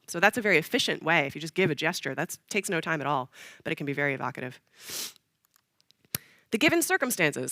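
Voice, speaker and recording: A woman giving a conference talk on directing game actors, lively, with many "um" fillers and quick acted-out examples. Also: low voice, no echo, clean studio sound. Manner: animated, lots of "um" fillers, acts out quick examples.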